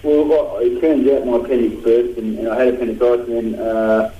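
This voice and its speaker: A man's voice: medium pitch, flat delivery, a little fast, roomy sound, highs cut off. A man in his thirties with an Australian accent, talking bluntly and combatively as a guest on a radio show. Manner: blunt, combative, slang-heavy. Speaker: guest boxer. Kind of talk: radio phone-in interview.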